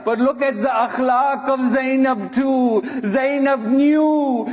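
A man's voice: extremely high pitch, steady tone, slow pace, hardly any pauses, darkish tone. A male preacher delivering a mourning sermon to his congregation, emotional and at times breaking into a crying chant. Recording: long hall reverb.

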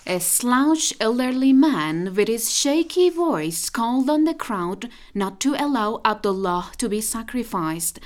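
A woman narrating a radio drama in a steady storytelling manner. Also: fairly high pitch, a little slow, few pauses.

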